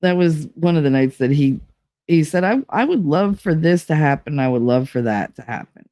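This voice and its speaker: A middle-aged woman with a low voice chats casually on her podcast, telling a story. She gets animated, laughs often and jumps up in pitch when she quotes people. The sound is dry and close. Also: moderate pace, no room sound. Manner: animated, laughing, quoting others in raised voices. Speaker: podcast host.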